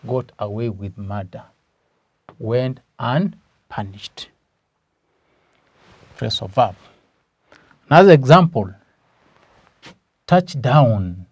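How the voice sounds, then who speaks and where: Kenyan English male teacher, slow and deliberate, dry close sound. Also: mid-range voice, very animated, darkish tone, no room sound. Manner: slow, emphatic, asks questions then answers them. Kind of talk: classroom grammar lesson.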